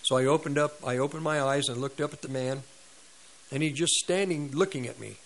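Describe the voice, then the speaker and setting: A man's voice: mid-range voice, fairly quick, vocal fry, rough recording. A man preaching on a radio ministry, retelling a story with quoted dialogue and sound effects. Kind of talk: sermon storytelling.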